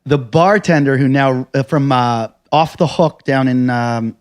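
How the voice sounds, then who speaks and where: A man hosting a podcast who chats casually and tells animated stories. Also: measured pace. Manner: animated storyteller, acts out quotes in a low voice. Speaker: podcast host and comedian. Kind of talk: casual chat, storytelling.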